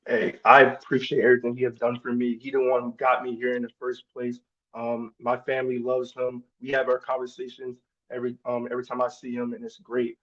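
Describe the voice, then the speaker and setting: A man's voice: mid-range voice, monotone, a little fast. Easygoing young man, dull lo-fi sound. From New Jersey. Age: young adult. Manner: easygoing, enthusiastic, informal. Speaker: college football player guest. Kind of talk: casual interview.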